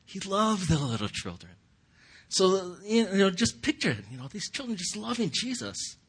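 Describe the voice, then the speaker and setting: A man's voice: high-pitched, sing-song, normal speed, a bit bright, slightly rough. A man giving a casual, conversational sermon, often chuckling and restarting his sentences. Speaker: pastor.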